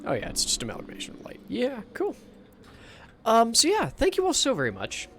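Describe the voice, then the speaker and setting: A man's voice: very high-pitched, wildly swooping pitch, brisk, over music. Chatty rambling male streamer. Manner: rambling, chatty, swears casually. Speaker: livestreamer. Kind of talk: casual gameplay livestream commentary.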